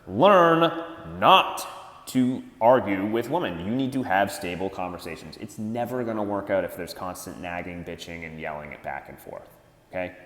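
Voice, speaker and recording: A man giving dating advice in a blunt, profane rant. He swears freely and mocks others in put-on voices. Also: on the low side. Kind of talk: profane ranting advice monologue. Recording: echoey room with long reverb.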